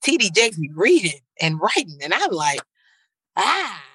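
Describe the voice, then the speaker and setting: A young woman from Nigeria, a comedian and actor, chatting casually as an interview guest, animated and slangy, often laughing and leaping up in pitch. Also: normal speed, breathy edge, dry recording, rough recording.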